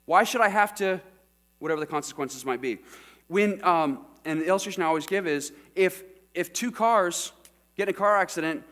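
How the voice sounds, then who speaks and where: A man's voice: on the high side, fairly quick, a bit bright. A middle-aged man preaching a sermon as pastor, often putting questions to the congregation. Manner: asks the congregation frequent questions. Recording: church sermon recording with mains hum.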